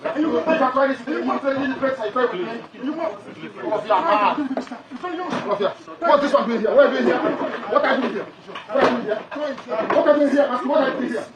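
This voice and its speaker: A middle-aged man with a very high voice shouts his defiance across a large courtroom. He keeps repeating the same demands. He is caught far from the microphone, his voice echoing through the hall over a murmuring crowd. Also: moderate pace, long pauses, muffled recording, heavy background noise. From Nigeria. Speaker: defendant in court. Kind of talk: heated courtroom protest.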